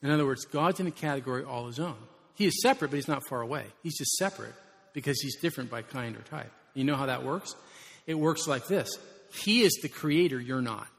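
A man preaching a sermon as pastor, emphatic and surging louder on key words. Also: medium pitch, moderate pace. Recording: long reverb of a large hall.

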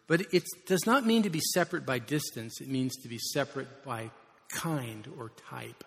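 A man's voice: mid-range voice, normal speed, creaky. Emphatic preacher man in a reverberant hall. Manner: emphatic preaching, surging loud on key words. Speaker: pastor. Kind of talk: sermon. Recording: long reverb of a large hall.

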